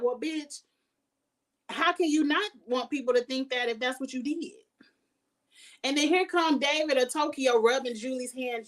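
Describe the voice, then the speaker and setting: A woman's voice: sits high, unhurried, recorded from a distance. A woman hosting a casual review vlog, recapping a reality show in a sassy, shady, blunt way.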